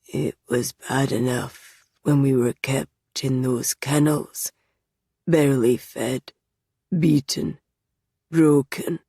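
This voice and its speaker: A woman reading an audiobook, voicing a tormented young male captive in a low, raspy, monotonous half-whisper. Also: extremely slow, pauses often, dry recording, studio quality, exaggerated voice. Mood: haunted. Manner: monotonous, hushed. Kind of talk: audiobook character voice.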